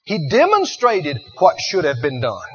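A male preacher with a high, husky voice delivers a sermon dramatically. He fires questions at the congregation and repeats his points for emphasis. The recording is dull and lo-fi. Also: wildly swooping pitch, measured pace.

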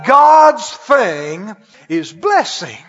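A man preaching a sermon, exuberant and laughing, acting out awe with cries and shouts. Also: very high-pitched, very animated, drawn-out words, big-room sound, muffled recording.

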